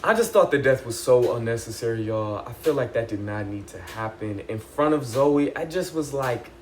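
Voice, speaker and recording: Casting: young adult man, mid-range voice, excitable and chatty, casual TV recap. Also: mid-range voice, moderate pace, a little hiss or hum. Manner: excitable, animated, chatty with lots of "like" and "y'all". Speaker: TV recap vlogger.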